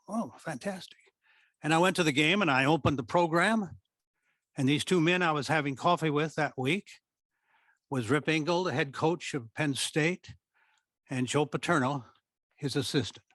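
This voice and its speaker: A man's voice: a little high, moderate pace, long pauses, dry recording. An older man from the American Midwest, a former theatre director, telling stories from his career and acting out what people said. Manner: animated storyteller who acts out quoted speech. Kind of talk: storytelling reminiscence at a talk.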